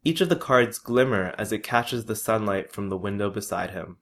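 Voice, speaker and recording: A man's voice: fairly low pitch, fairly bright tone. Man reading his own story aloud. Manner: measured, plain storytelling. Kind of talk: first-person story reading.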